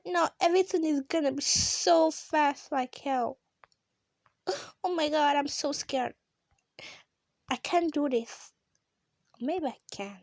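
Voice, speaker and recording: A woman with giving casual, excitable commentary while playing a mobile game, gasping and shrieking at close calls. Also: high voice, slow pace, long pauses, dry recording. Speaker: gamer.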